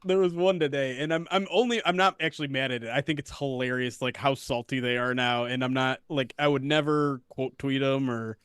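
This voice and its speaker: A man co-hosting a casual sports podcast, animated and laughing, swearing freely as he talks. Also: mid-range voice, fairly quick, hardly any pauses, clear, resonant tone, no echo, clean studio sound. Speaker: podcast co-host.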